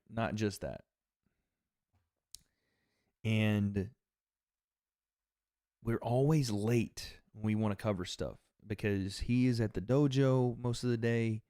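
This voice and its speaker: A man's voice: fairly low pitch, mellow, no room sound, studio quality. A man hosting a livestream watch party, giving casual, profane commentary on a fight and bantering with his chat. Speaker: livestream host.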